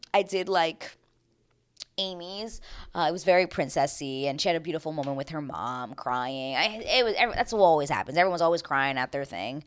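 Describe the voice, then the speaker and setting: A woman's voice: sits low, a bit bright. A woman vlogger giving a casual, opinionated recap of a reality show, chatty and emphatic, with slang and tangents.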